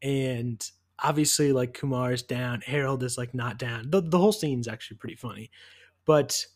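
A young man from the US Northeast co-hosting a casual movie podcast, excited and fast, full of "like" and "dude". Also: mid-range voice. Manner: animated, fast, leans on "like" and "dude". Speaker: podcast co-host. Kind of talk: casual movie-review chat.

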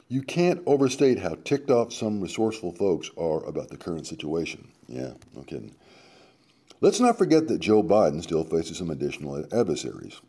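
In a low voice with a dark tone, a radio show host reads a column out loud and drops in sarcastic asides between passages. He is dramatic, swinging from emphatic lines to muttered ones.

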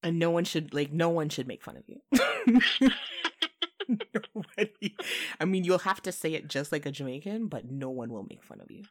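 A woman podcast host in casual chat, telling stories in an animated way and laughing often. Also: sits low, normal speed.

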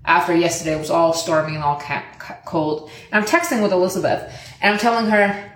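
A woman's voice: a little fast, roomy sound. A young woman telling a casual story and acting out the quoted lines, swearing often. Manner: animated, acts out quoted lines in higher pitch, swears often.

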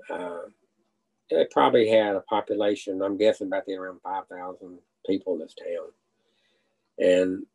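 A man's voice: on the low side, a little mellow, rough recording. An older retired salesman, a man, telling long rambling stories with restarts and quoted dialogue in a casual interview. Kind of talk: casual storytelling.

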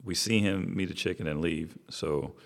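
A man's voice: low voice, moderate pace, gravelly. A middle-aged man, a barber, telling stories in a laid-back, profane casual chat. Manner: laid-back, profane, with lots of "you know what I'm saying". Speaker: barber, guest. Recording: long reverb in the room.

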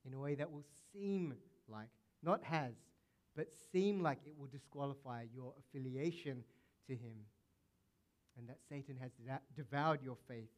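A man preaching a sermon as pastor, asking the congregation rhetorical questions, rising with emphasis and then dropping to a hushed tone. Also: medium pitch.

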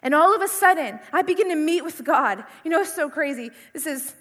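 A woman's voice: high-pitched, animated, brisk, fairly bright tone, in a large hall. A woman preaching to a youth crowd, passionate and conversational, with lots of repetition. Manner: impassioned, conversational, full of repetition. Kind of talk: sermon.

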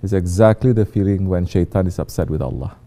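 Guy preaching a sermon, low mellow voice, goes from quiet to loud acting out voices. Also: quick pace. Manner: acts out quoted voices, swings from hushed to loud. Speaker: religious teacher.

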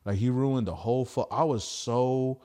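In this casual storytelling chat, a man who hosts a podcast and does stand-up rambles through profane anecdotes, performing the quoted lines himself. His voice sits at medium pitch with a dark tone, and he keeps a moderate pace.

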